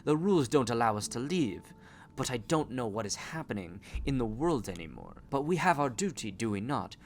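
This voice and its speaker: A man's voice: medium pitch, big pitch swings, moderate pace, a little hiss or hum. A man voicing a weary, dutiful woman caretaker of an asylum in a horror game, speaking in a formal, old-fashioned way.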